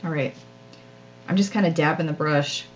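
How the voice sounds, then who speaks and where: A woman's voice: low-pitched, moderate pace, lo-fi sound, a little hiss or hum. A woman hosting a live crafting stream, chatting casually and self-deprecatingly with viewers as she works, often laughing at herself. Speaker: craft channel host.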